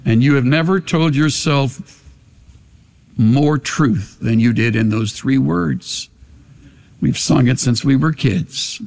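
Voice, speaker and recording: A man's voice: medium pitch, vocal fry, darkish tone. An older man, a pastor, preaching a sermon and leading an altar call in a large church. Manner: impassioned preaching with long pauses. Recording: long hall reverb.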